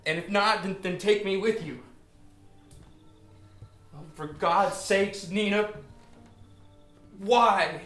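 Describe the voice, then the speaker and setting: Actor as a despairing lovesick young writer. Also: male voice, a little high, a little slow, long pauses, soft background music. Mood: anguished. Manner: pleading, with swings from hushed to shouting. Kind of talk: stage drama scene on film. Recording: echoey room.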